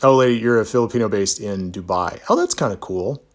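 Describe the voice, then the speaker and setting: A man's voice: lowish voice, brisk. A man, a divorce attorney, chatting casually in a live Q&A, reading viewer comments aloud and answering with easygoing, self-deprecating humor. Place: Utah.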